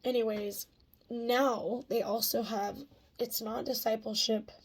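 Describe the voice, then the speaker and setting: A woman's voice: medium pitch, flat delivery, moderate pace, vocal fry, darkish tone, breathy edge. A woman in her thirties talking in a casual catch-up vlog, emotional and rambling, with many fillers. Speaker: vlogger.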